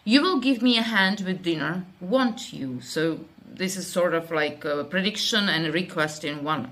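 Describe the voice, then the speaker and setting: A woman's voice: lowish voice, expressive, moderate pace, hardly any pauses, a bit bright. A woman with a Slovak accent teaching English grammar, reading out example sentences and explaining them in loose, unscripted speech with many fillers. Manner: unscripted, with frequent fillers and restarts.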